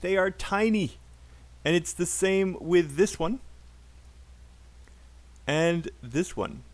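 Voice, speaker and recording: Teaching English pronunciation live online, a British man drills sentences at a slow pace and encourages his learners, speaking in a high-pitched, expressive voice.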